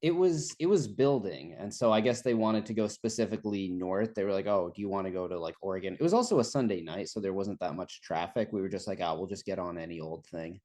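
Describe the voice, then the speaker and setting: A man's voice: on the low side, lively intonation, fast talker, few pauses, dark tone. A young man telling a rambling travel story in casual chat, laughing often and swearing freely. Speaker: guest storyteller.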